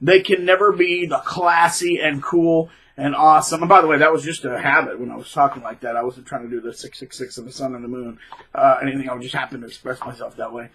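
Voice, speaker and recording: A man hosting his own channel, giving rambling, emphatic casual advice, with sudden loud bursts of emphasis. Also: mid-range voice, fairly even intonation, quick pace, husky, poor audio. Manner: rambling, with frequent restarts. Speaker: channel host.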